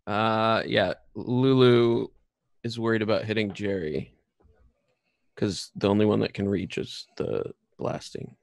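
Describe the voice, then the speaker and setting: A man acting as dungeon master, relaxed and chuckling, often pausing on fillers as he explains the rules. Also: fairly low pitch, gravelly, no room sound, studio quality. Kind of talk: running a tabletop game.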